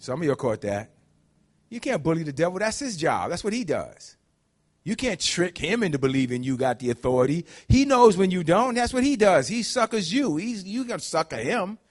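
A man preaching a conversational sermon, dropping to low murmurs and climbing to high shouts. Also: sing-song, normal speed. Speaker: pastor.

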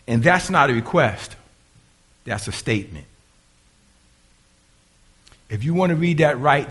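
Husky older man preaching a sermon. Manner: preaching with sudden swings from hushed asides to loud, high bursts. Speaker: pastor.

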